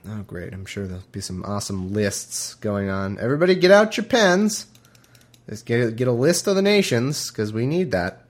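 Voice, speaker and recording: A man giving sarcastic, irreverent commentary between readings, often halting and restarting his sentences. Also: fairly low pitch. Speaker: podcast host reading scripture.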